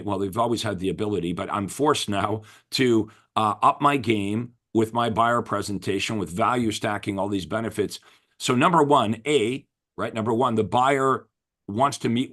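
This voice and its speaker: A man's voice: lowish voice, normal speed, a bit bright. Emphatic male real estate coach. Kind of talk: casual interview chat.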